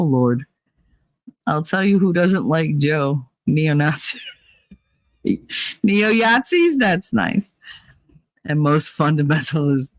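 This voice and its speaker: A woman's voice: fairly low pitch, dry recording, low-quality recording. A woman livestreamer chatting casually in a blunt, rambling way, swearing and laughing often.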